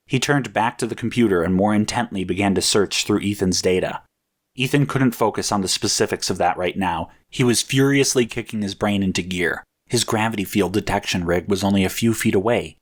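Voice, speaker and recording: A man narrates a story with a measured, even delivery. His voice sits a little low and he keeps a steady storytelling pace. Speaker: audiobook narrator.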